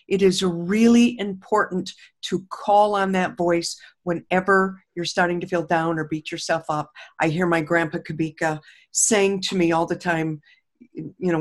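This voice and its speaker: An older woman hosting a casual spiritual talk show, telling heartfelt stories with many restarts and easy laughter. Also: lowish voice. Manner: heartfelt storytelling, frequent restarts, laughs easily. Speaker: host.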